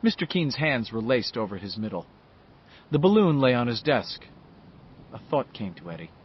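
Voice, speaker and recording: A man narrating a novel in an expressive storytelling manner. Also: medium pitch, normal speed, lo-fi sound, a little hiss or hum. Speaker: audiobook narrator. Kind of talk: scripted narration.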